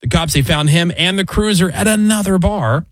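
Animated male host telling funny stories. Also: normal speed, no echo. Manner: animated storyteller, jumps high when quoting people. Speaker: radio show host. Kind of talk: casual banter, telling funny news stories.

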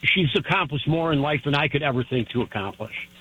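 A man in his fifties calling a radio show, speaking warmly and gratefully as a proud parent. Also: a little high, lively intonation, brisk, breathy edge, muffled recording. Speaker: caller. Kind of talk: call-in radio talk.

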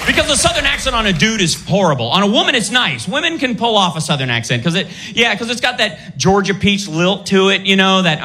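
Animated stand-up comic over a roaring crowd. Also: male voice, sits high, a little fast, few pauses, background noise. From Kentucky. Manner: animated storytelling, mimics others. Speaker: stand-up comedian. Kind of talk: stand-up comedy set. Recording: live club with loud audience. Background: crowd laughter.

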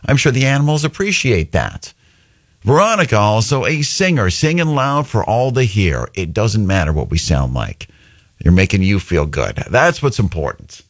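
A man hosting a morning radio show, chatty and upbeat, punching words for emphasis over a faint music bed. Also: fairly low pitch. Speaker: radio host.

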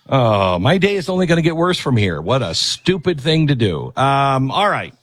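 A man's voice: medium pitch, very animated, normal speed, hardly any pauses, a bit bright, soft background music. Emphatic male talk radio host. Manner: emphatic, conversational, breaks off to restart sentences. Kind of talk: political talk radio with a live ad read.

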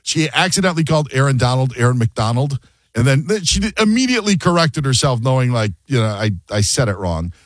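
A man hosts a sports talk radio show in a loose, joking way, slipping into quick impressions. His pitch swings widely as he talks. The studio sound is dry and close. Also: dry recording. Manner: animated, jokey, acts out quotes.

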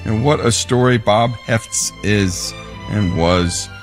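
A man's voice: lowish voice, takes it slowly, music in the background. A male radio host wrapping up a story segment with enthusiastic, emphatic praise. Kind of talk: radio show host wrap-up and appeal.

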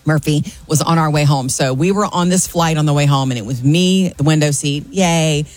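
A woman's voice: deep voice, moderate pace, no echo, faint music behind. A woman co-hosting a morning radio show, telling a story in casual banter and acting out what people said, laughing often. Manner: animated storyteller who acts out quotes and laughs often.

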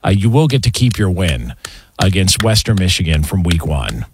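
A man's voice: deep voice, sing-song, normal speed, background noise. A man hosting a sports radio show, joking around and reading a sponsor spot. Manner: jokey, teasing, reads ad copy. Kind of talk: casual sports radio banter. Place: radio studio.

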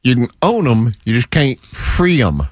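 A man's voice: medium pitch, big pitch swings, a little slow, no room sound, clean studio sound. A man co-hosting a casual talk show, tossing in playful, jokey interjections. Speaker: co-host. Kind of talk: casual banter.

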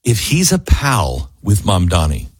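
A man hosting talk radio, his husky voice swinging widely in pitch as he argues his point. He is close and dry on a studio mic. His delivery is emphatic and combative, and it drops to a hush and then comes back loud. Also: wildly swooping pitch, dry recording. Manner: emphatic, argumentative, shifts quickly between loud and hushed. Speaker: radio talk show host. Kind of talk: political talk radio commentary.

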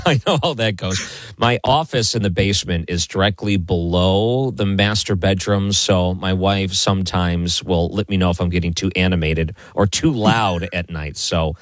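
A man hosting a late-night radio talk show from his basement office. His voice sits fairly low and sounds dry and close. He asks his questions in a chatty, animated way. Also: moderate pace, no room sound. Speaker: host.

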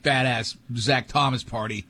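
Radio host, male, husky voice, rambling anecdotes in loose studio banter. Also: medium pitch, fairly even intonation, measured pace, pushed and bright. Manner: rambling storyteller, many restarts.

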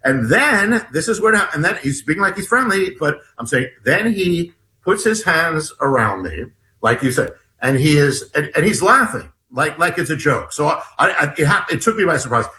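A man with a fairly high, bright, forceful voice tells a story as a guest on a talk show. He stops and restarts often and acts out what each person said. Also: sing-song. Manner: halting, many restarts, acts out dialogue. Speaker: guest author. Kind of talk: animated storytelling in an interview.

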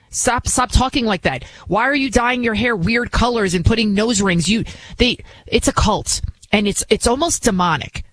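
A woman hosting a commentary show, sounding indignant and scornful. Her voice sits at an ordinary middle pitch. She often stumbles and restarts her sentences as she goes. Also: fairly bright tone, low-quality recording. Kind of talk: opinionated commentary, playing clips.

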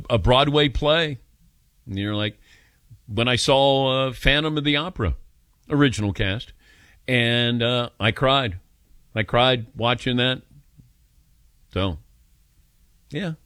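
An older man hosting a radio call-in show, telling stories about himself in a relaxed, self-mocking way. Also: mid-range voice, no room sound. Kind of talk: casual radio talk with callers.

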